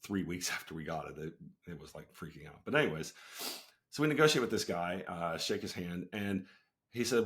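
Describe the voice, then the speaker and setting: Deep-voiced man telling a casual story. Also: a little fast. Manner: relaxed, frequent fillers and asides. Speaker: host, company founder.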